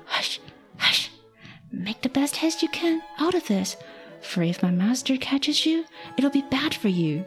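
A sly, greedy young cook, as a woman puts her on schemes in coaxing asides in a storybook reading. Her voice sits high and swings widely in pitch. There is faint music under it. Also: very animated, moderate pace. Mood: hushed warning.

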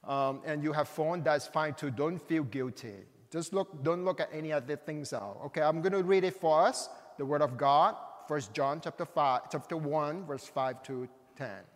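A middle-aged man preaching a sermon, with slow, emphatic delivery, big swings between loud and soft, and slightly non-native phrasing. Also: on the high side. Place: large church hall. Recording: reverberant hall.

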